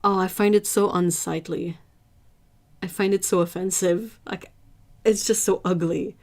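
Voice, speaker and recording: A woman hosting an art livestream, chatting casually with viewers, emphatic and lively. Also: fairly low pitch, measured pace. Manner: chatty, answers viewers' chat.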